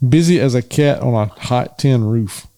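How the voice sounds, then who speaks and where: A man's voice: mid-range voice, normal speed, mellow. A man with a Southern accent, co-hosting a podcast in a joking, storytelling manner. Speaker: podcast co-host. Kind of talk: casual chat.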